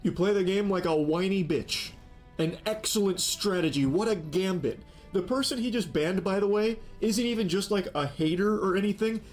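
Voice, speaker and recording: A man's voice: sits high, normal speed, faint music behind. A man commentating on a stream clip in a sarcastic, mocking, incredulous way. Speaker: reaction commentator.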